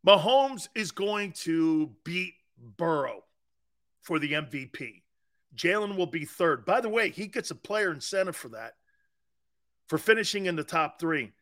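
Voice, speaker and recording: A man's voice: on the high side, very animated, a little slow, fairly bright tone. A man hosting a sports talk show, delivering a brash, opinionated monologue that rambles and repeats its points.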